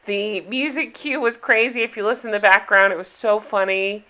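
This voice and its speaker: A woman's voice: medium pitch, steady tone, normal speed, bright, forceful tone. A middle-aged woman hosting a casual reality TV recap, chatty and sarcastic, laughing often. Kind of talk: casual chat.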